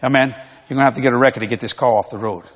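A man voicing a stern traffic policeman in a sermon story, in a brisk, official manner. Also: mid-range voice, steady tone, long reverb tail, pitched below the performer's own voice, close to an everyday voice.

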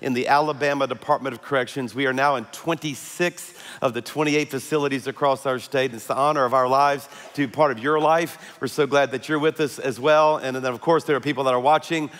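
A man's voice: medium pitch, fairly even intonation, a little fast, hardly any pauses, fairly bright tone, in a large hall. A male pastor, preaching a conversational sermon with frequent fillers. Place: large church auditorium.

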